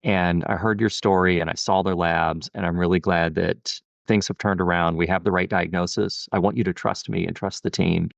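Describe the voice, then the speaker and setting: A man's voice: low voice, fairly even intonation, normal speed, vocal fry, few pauses, no echo, lo-fi sound. A middle-aged man, a pediatric endocrinologist, talking earnestly and thoughtfully in a podcast interview, often saying "you know". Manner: earnest, reflective, with many "you know" fillers.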